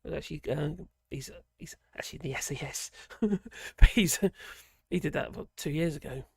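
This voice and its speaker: This is a streamer, from Norwich, rambling through viewer comments. The voice is gravelly with some fry, and the sound is dry and close, with no room around it. The pitch sits in a middle range. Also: normal speed, dry recording. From Norwich, England. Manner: rambling, chatty, reacts to viewer comments aloud. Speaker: live-stream host. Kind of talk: casual live-stream chat reading comments.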